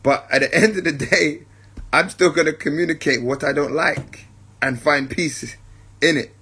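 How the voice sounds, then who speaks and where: Husky-voiced man musing on peace. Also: a little high, bright, forceful tone. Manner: keeps checking in with listeners, addresses them as family; unhurried, repeats points for emphasis. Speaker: podcast host. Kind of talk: reflective spiritual talk.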